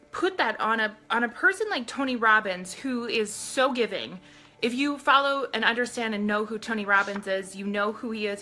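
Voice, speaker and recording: Addressing her viewers directly on a casual live stream, a woman with a slightly high, sharp voice talks earnestly. She also reads aloud from a book.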